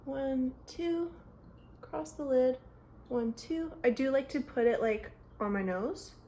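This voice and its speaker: A woman's voice: high voice, slow, dark tone, slight background noise. Chatty young woman doing a makeup vlog. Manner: chatty, rambling, self-interrupting. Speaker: beauty vlogger. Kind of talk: casual makeup tutorial chat. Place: home, by a mirror. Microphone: phone camera.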